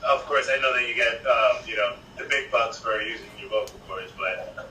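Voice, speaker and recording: Bright jokey male panel host. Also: on the low side, moderate pace. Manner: jokey, enthusiastic, laughs often. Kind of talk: casual panel hosting. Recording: echoey, distant, slightly noisy.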